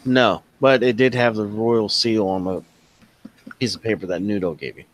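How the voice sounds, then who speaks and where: A man's voice: fairly low pitch, steady tone, normal speed, dry recording. A man narrating as dungeon master in a loose, casual way, with the odd swear word. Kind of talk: narrating a tabletop game.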